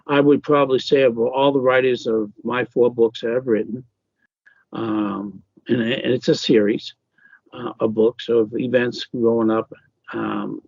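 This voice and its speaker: A man's gravelly, husky voice comes through in a casual interview. He talks haltingly, full of fillers and restarts. The sound is dry and a little dull, lo-fi. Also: mid-range voice, a little mellow, no room sound. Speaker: author guest.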